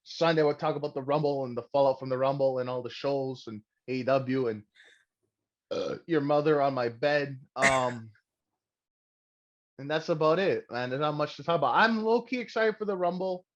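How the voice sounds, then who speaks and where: A man's voice: mid-range voice, moderate pace. A young man hosting a podcast in casual chat, loose, profane and joking. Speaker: podcast host. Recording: dull lo-fi sound.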